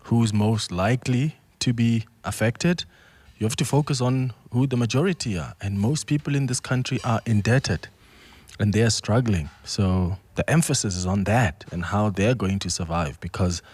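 A man hosting a talk radio show, measured and conversational. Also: on the low side, darkish tone, breathy edge. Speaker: radio host. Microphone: studio mic.

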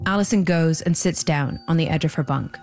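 A woman hosting a podcast, reading scripted documentary narration in a measured, even way. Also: low-pitched, soft background music.

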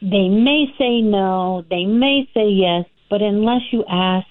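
An older woman, a grandmother, telling animated stories as an interview guest, laughing often and acting out what others said. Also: mid-range voice, slow pace. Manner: animated storyteller, laughs often, acts out quotes. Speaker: guest, nonprofit founder. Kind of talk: conversational storytelling interview. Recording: tinny phone-line sound.

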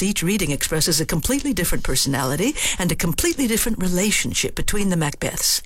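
A woman's voice: lowish voice, no echo. A theater actor, a woman, giving a thoughtful, wry scripted radio essay from a studio. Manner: thoughtful, wry, trying out many line readings.

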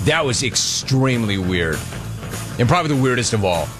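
Sports radio host answering listener mail. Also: male voice, mid-range voice, big pitch swings, moderate pace, music in the background. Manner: storytelling, mimics people in anecdotes. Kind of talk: casual listener Q&A.

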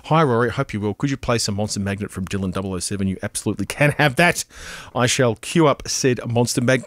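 A man's voice: mid-range voice, fast, dry recording. A man hosting a community radio show, chatting casually and animatedly with listeners about requests and local bands, close on a studio mic. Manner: animated, chatty, puts on voices in anecdotes.

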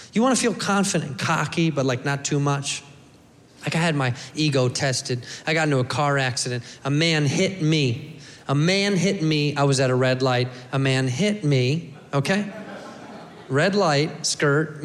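A man's voice: a little high, big-room sound, a little hiss or hum. A man doing a stand-up comedy set on a club stage, telling his story in short, choppy, repeated bursts.

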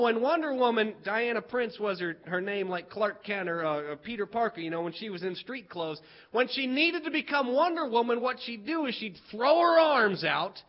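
Comic storyteller, a man from West Virginia, very high voice, animated delivery. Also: moderate pace. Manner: animated, acts out voices, builds to punchlines. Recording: dull lo-fi recording.

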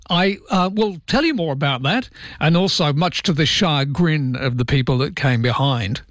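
A man's voice: mid-range voice, fairly quick, a bit bright. A man with an Australian accent hosting late-night talkback radio, joking his way through listener texts in a wry, chatty manner on a studio mic. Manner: wry, jokey, reads listener texts aloud. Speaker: radio host. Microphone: studio microphone.

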